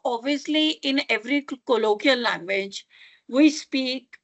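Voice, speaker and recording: A woman's voice: medium pitch, fairly bright tone, no echo. A woman teaching a language lesson, saying each phrase, repeating it and explaining its meaning.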